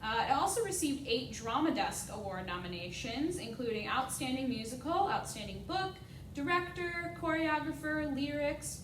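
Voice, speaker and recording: A woman's voice: animated, normal speed. A woman giving a casual, enthusiastic presentation, peppered with frequent uhs. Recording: echoey, distant mic, noisy rumble.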